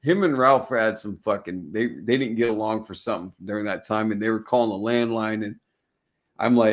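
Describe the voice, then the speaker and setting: A man's voice: lowish voice, normal speed. A man from Texas hosting a casual live-stream chat, telling stories with lots of swearing and laughter. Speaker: podcast host. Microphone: video call stream.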